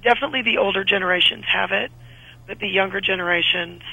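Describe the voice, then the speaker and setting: A woman in her thirties talks as a radio guest, animated and quick to restart her sentences. Her voice is husky and very bright, with a little gravel and a high pitch. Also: no echo, rough recording. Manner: chatty, animated, frequent restarts. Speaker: actress guest. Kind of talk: casual radio interview chat.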